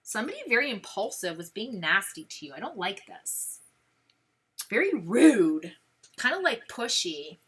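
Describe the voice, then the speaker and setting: A woman's voice: medium pitch, brisk, few pauses, husky. A woman with a Brooklyn accent giving a chatty live-stream tarot reading, talking straight to the viewer with plenty of fillers. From New York. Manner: chatty, animated, lots of fillers. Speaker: tarot reader.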